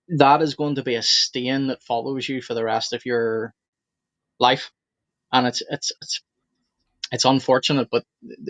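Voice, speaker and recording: Man, co-host, blunt and opinionated, mid pitch, dry recording. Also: vocal fry, fairly bright tone, no echo, low-quality recording. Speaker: podcast co-host. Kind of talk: casual panel discussion.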